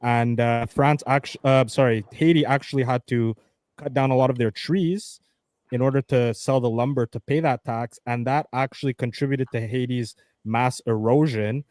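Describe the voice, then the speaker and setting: A man explaining at length in a casual debate, halting and full of fillers. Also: medium pitch, fairly even intonation, darkish tone, no room sound.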